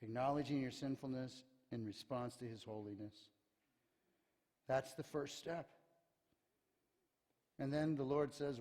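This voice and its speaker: A man in the pulpit delivering a sermon in a mid-pitched voice. He tells stories with energy and sinks to near-whispers for emphasis. A long reverb trails every phrase through the sanctuary. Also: measured pace, pauses often, slightly rough. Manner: lively storyteller who acts out quotes, often dropping to a hushed tone for emphasis. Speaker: pastor. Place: church sanctuary.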